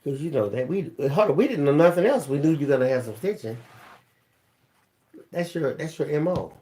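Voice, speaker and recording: Animated man reading out viewer comments. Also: fairly high pitch, moderate pace. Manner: animated, reads comments aloud, jokey. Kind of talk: casual live-stream chat.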